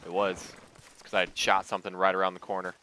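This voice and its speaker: A man's voice: low-pitched, completely flat delivery, fast, pushed and bright. Chatty swearing male game streamer. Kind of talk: live gameplay commentary.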